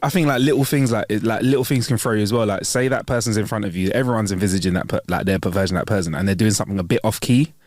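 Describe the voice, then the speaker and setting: A man talks fast in relaxed podcast chat, peppering his lines with "bro" and "innit". His voice sits mid-range. The sound is close and dry. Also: lowish voice, no room sound. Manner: quick, chatty, uses "bro" and "innit". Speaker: podcast co-host. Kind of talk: casual banter.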